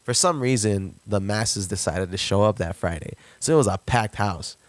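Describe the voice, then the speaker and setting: A young man telling a story on a podcast, lively, leaping up in pitch when he acts out quotes. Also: moderate pace, dry recording. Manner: animated, jumps pitch to act out quotes. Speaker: podcast guest, rapper. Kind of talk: casual storytelling.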